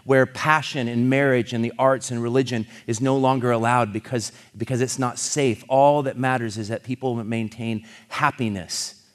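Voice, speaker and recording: A middle-aged pastor from California with a mid-range voice tells a story during his sermon. He's earnest and halting, restarts often, and grows louder as he builds toward a point.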